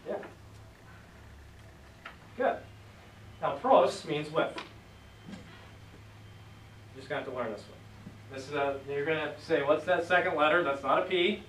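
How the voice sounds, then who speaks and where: A man's voice: on the high side, lively intonation, unhurried, long pauses, a bit bright. A man teaching a Greek class, drilling students with call and response in an upbeat way. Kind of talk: classroom lesson. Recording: echoey room from far off, faint noise.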